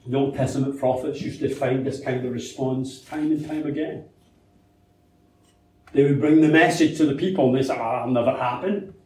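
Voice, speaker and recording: In a church, a man gives a conversational sermon full of rhetorical questions and anecdotes. He has a medium-pitched, darkish voice with fairly even intonation and a normal pace. The recording, made from a distance in a very echoey hall, carries slight background noise.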